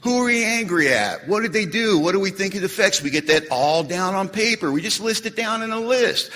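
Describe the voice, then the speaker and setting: A man speaking at a recovery meeting, an animated storyteller who jokes and acts out quotes. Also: high voice, brisk, hardly any pauses. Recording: echoey hall recording.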